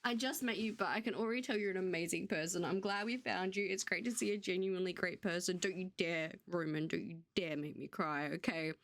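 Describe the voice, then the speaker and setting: A woman's voice: lowish voice, a little fast, hardly any pauses. A woman streamer in casual chat with her viewers, candid and gushing with thanks.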